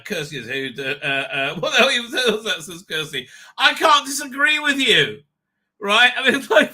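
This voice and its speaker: A man's voice: on the high side, pushed and bright. A man hosting a livestream, ranting with a lot of swearing and exasperation, and reading chat messages aloud. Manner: reads chat names and comments aloud. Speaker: livestream host.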